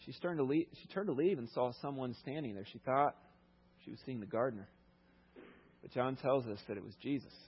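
A man's voice: medium pitch, a little fast, slightly rough, lo-fi sound. A man preacher giving a sermon, retelling a Bible story in a conversational way with lots of asides.

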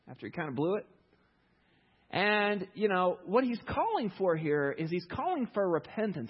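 A man's voice: high voice, slightly rough. A man preaching a sermon in a conversational way, full of sarcastic asides and fillers, in a church hall. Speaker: pastor. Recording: echoey hall, dull lo-fi sound.

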